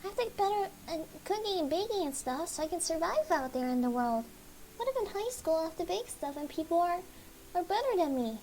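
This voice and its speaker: Mabel, a woman doing a squeaky bubbly girl. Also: big pitch swings, a little fast, darkish tone, slight background noise, exaggerated voice, poor audio. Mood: dramatic pleading. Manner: gushing, theatrical. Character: bubbly excitable young girl, dramatic.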